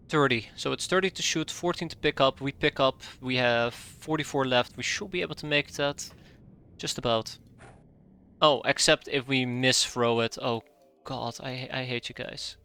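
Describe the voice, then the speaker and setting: Young male streamer, live game commentary, sarcastic and fed up, bright crisp tone. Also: mid-range voice, fairly even intonation, measured pace. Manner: exasperated, sarcastic running commentary with muttered math.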